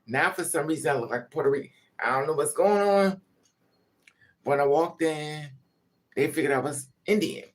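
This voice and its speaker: Her voice sits low and moves at a moderate pace while she opens up to the camera about something personal. The talk is casual and confessional, wandering and repetitive, with plenty of swearing and emotion.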